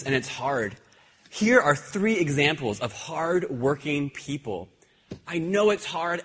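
A man preaching a sermon, telling animated personal stories with many restarts and repeated words. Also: on the high side. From Ireland. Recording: husky voice in a hall with long reverb.

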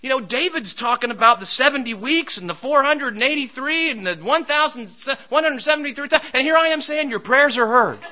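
A man preaching a sermon, mixing Scripture with a lively personal story. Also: extremely high pitch, a little fast, hardly any pauses, low-quality recording. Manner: storytelling, shouts during a comic anecdote.

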